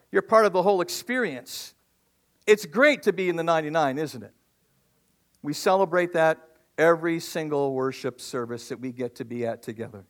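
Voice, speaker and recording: A male pastor preaching a sermon, animated and asking the congregation questions. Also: on the high side.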